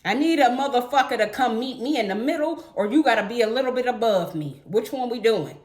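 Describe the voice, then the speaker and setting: A woman's voice: a little high, expressive, a little fast, a little mellow. Young woman, vlogger, blunt, cussing, emphatic storytime rant.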